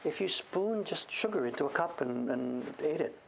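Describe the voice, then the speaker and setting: A man's voice: on the high side, animated, normal speed, gravelly, slight background noise. An older man from Canada chatting casually on a livestream, rambling as he works on a carving. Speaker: woodblock printmaker streaming live.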